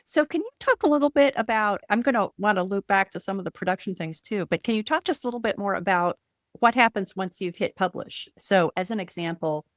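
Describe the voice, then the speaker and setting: A woman's voice: mid-range voice, animated, fairly quick, no echo, clean studio sound. A woman hosting a podcast, asking her guest curious questions in a casual interview. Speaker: podcast host.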